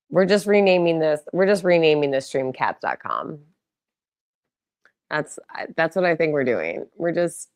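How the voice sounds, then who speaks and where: A young woman with a deep, creaky voice live-streams from home, chatting casually and playfully. She often slips into baby talk when addressing her cats.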